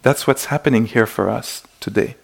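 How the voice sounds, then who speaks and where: A man with as his gives a meditation dharma talk in a gentle, searching way. His voice carries a gravelly edge at a middling pitch. He often pauses to act out small inner exclamations. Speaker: meditation teacher. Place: meditation retreat hall.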